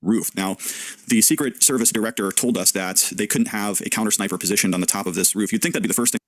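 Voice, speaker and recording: A man's voice: fairly low pitch, fast talker, no echo. A man, a pastor, explaining a location in a played video, pointing things out step by step. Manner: explanatory, walks through the scene.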